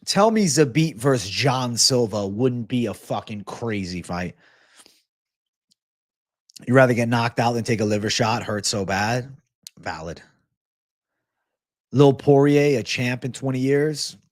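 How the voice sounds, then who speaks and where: A man's voice: medium pitch, expressive, measured pace, long pauses, no echo, studio quality. Laid-back swearing young man. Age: 20s. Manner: laid-back, swears often, reads chat aloud. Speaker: host of a livestream Q&A. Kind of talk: casual livestream chat.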